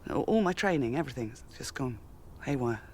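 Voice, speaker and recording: An actress playing a frightened, angry police detective, dropping low then flaring into shouts. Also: female voice, lively intonation, a little fast, a little hiss or hum. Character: shaken police detective woman, frightened and furious. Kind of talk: TV drama acting.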